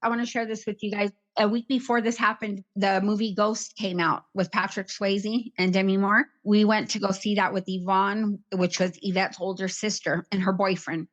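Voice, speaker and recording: A woman in her fifties, appearing as an interview guest, recounts a painful past in a rambling way, hopping from one memory to another in an emotional personal recollection. Her mid-range voice is flat and moves at normal speed with hardly any pauses, and the high frequencies are cut off.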